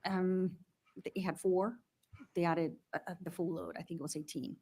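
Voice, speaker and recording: Halting woman giving testimony. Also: lowish voice, steady tone, dark tone, husky. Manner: hesitant, halting, many fillers. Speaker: witness at a hearing.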